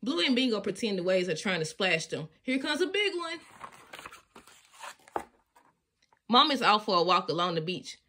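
A woman reading a children's storybook aloud in an expressive, sing-song way, often laughing along. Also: fairly low pitch, a little fast, hardly any pauses, slight background noise. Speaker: storybook reader.

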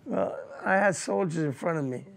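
Gravelly older veteran recalling war. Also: male voice, a little high, lively intonation. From United States. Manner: emotional, halting recollection with repeated words. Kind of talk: personal war testimony.

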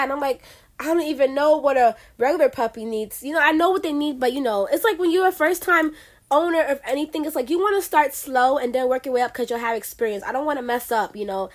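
Chatty high-voiced teenage girl vlogging. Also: quick pace. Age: late teens. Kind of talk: casual vlog chat.

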